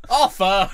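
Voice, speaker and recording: A young man giving a casual, laughing film commentary, swearing and cracking up constantly. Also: high-pitched. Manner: giggly and profane, laughing constantly.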